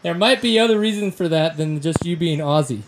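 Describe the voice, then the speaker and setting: A man from Louisiana hosts a casual podcast chat, reading sponsor plugs with loose slang and easy jokes. His voice sits a little high for a man. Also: a little fast, slight background noise. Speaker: podcast host.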